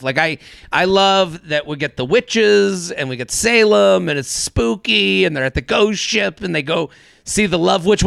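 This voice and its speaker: A man with a gravelly, fairly high voice chats casually as a podcast co-host. He talks haltingly, restarting and filling his sentences. The sound is dry and close. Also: fairly bright tone, no room sound. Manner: halting, many restarts and fillers. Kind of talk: casual chat.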